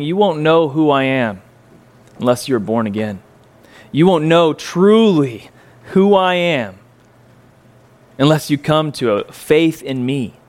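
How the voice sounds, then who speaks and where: Guy preaching in church, kinda high pitched, laid back and jokey, lots of ums. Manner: folksy, joking asides, frequent ums and uhs. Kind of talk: conversational sermon.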